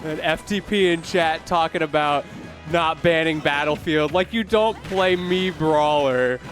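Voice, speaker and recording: A man's voice: fairly high pitch, a little slow, a bit bright, soft background music. A man commentating a fighting game tournament, chatty and explanatory, breaking down plays and talking to the chat. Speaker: esports commentator. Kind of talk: casual analytical commentary.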